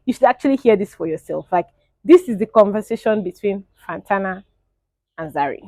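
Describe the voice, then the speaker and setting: A young woman, giving animated, opinionated casual commentary as a show reviewer and laughing often. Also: mid-range voice, moderate pace, no room sound.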